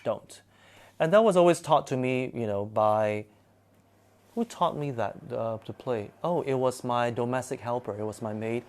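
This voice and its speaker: Animated male storyteller. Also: mid-range voice, normal speed. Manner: animated, dramatic delivery. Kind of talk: casual spoken storytelling.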